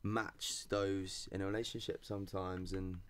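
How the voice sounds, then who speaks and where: A man's voice: deep voice, little pitch movement, unhurried, a bit bright. A man in a band, talking through his song in an easygoing, thoughtful way. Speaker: band member, guest. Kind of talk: casual interview answers.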